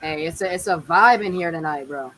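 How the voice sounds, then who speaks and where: A man's voice: on the high side, brisk, bright, forceful tone, low-quality recording. A man with a Southern US accent hosting a casual sports chat stream, upbeat, with announcer-style hype calls. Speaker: host.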